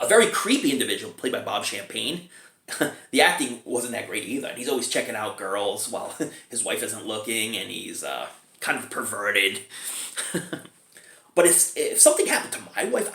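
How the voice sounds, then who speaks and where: A man's voice: mid-range voice, bright, forceful tone. Chatty man reviewing a film, roomy echo. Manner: chatty, chuckles often. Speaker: movie reviewer.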